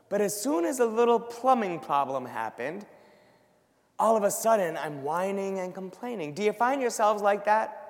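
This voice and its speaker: A man with a notably high voice tells a humorous, self-deprecating story from the pulpit, moving from easy chat to lively bursts. He sounds middle-aged. His voice rings out with the long reverb of a large hall. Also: takes it slowly, long pauses. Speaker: ministry worker giving a talk. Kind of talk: storytelling sermon.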